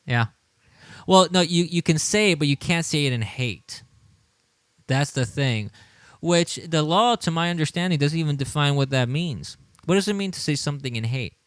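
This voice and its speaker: A man's voice: fairly high pitch, lively intonation, moderate pace, a bit bright, clear, resonant tone, no echo. A man hosting a political livestream, talking with indignation, often repeating his words and chuckling as he reads the chat. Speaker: livestream show host.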